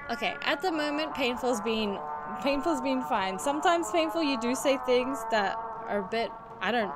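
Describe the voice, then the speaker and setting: A woman streaming a game, talking through it in a jumpy, panicky way, swearing and chatting with her viewers. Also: a little high. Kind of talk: live gameplay commentary. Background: game music.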